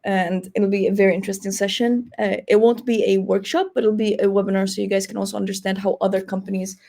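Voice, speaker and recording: A woman's voice: mid-range voice, little pitch movement, fast, gravelly, mellow. A woman moderating a live webinar over a video call, reading audience questions in a casual way, full of "like" and "you know". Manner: casual, filler-heavy, says 'like' and 'you know'.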